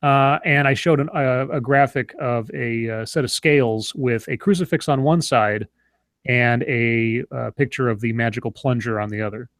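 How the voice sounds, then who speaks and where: A man hosting a casual online chat show, talking haltingly with many fillers and restarts. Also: medium pitch, fairly bright tone, no room sound. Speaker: channel host.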